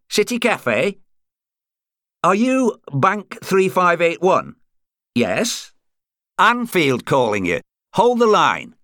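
A man narrating a true-crime audiobook in a measured, atmospheric reading style. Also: sits low, fairly bright tone, no echo, clean studio sound.

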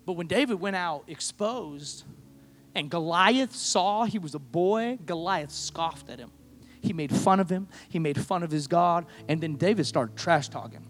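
A man preaching a sermon, moving from quiet storytelling to impassioned shouting. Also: a little high, lively intonation, unhurried. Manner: builds to impassioned shouting, acts out voices in quotes. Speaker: pastor.

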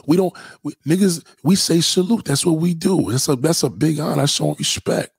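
A man's voice: fairly high pitch, fairly quick, creaky, few pauses, slightly rough, dry recording. A middle-aged man from New York with a New York accent, talking casually in heavy slang, profane and repetitive. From New York City. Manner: profane, animated, heavy slang, repeats himself. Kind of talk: casual street-talk monologue.

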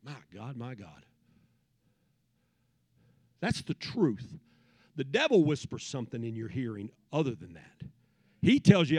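A man preaching a sermon in church, swinging from hushed tones to shouting. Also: mid-range voice, big pitch swings, a little slow, pauses often, husky, no room sound. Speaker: pastor. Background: soft piano keys.

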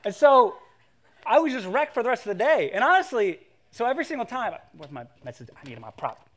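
A young adult man preaching a sermon to a congregation, telling stories in a conversational, humorous way that builds in excitement. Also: high voice, a little fast. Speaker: pastor.

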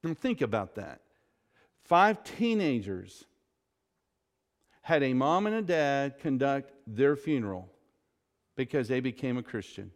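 A man preaching a sermon as pastor, telling stories with emphatic, drawn-out stresses and saying "y'all". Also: medium pitch, sing-song, in a large hall. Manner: Southern "y'all".

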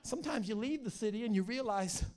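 A middle-aged man, a pastor, preaching a sermon with energetic, joking, animated storytelling. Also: high-pitched, fast talker.

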